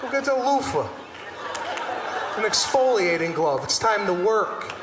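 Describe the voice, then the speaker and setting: High-voiced man ranting on stage. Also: a little slow, crowd noise, background noise. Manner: animated, exasperated ranting. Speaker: stand-up comedian. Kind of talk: stand-up comedy routine. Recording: live stage with long reverb, faint ambience.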